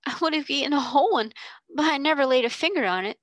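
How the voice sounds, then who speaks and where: Storybook: woman voicing a tearful servant girl, high and pleading. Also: fairly quick, a bit bright, no room sound. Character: poor Cockney scullery girl, sobbing, frightened.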